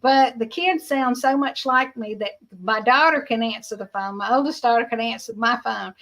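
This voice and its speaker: A woman's voice: fairly high pitch, normal speed, fairly bright tone. A middle-aged woman with a Georgia Southern accent, hosting a casual livestream, chatty and laughing often while reading viewer comments. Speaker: livestream host.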